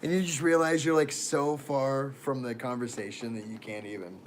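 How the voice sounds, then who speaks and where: A man's voice: medium pitch, steady tone, normal speed, a little hiss or hum, close to an everyday voice. A man doing a put-on Southern accent in a raised, goofy voice, laughing between lines during casual livestream chat. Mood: playful.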